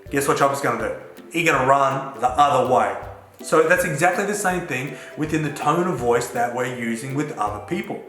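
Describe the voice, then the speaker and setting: A man's voice: mid-range voice, normal speed. A man giving casual, chatty advice to camera as a self-development coach, mixing in everyday slang. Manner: chatty and relaxed, with Australian slang. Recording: echoey room with faint music.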